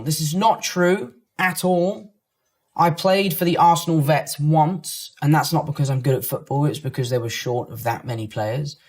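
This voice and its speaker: A young Englishman with a London accent reads fan comments aloud in a casual, joking tone, often poking fun at himself. Clear background music plays under his voice throughout. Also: a little high, moderate pace. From England. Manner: playful, joking, self-mocking. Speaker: actor reading fan comments. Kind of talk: casual reaction to online comments.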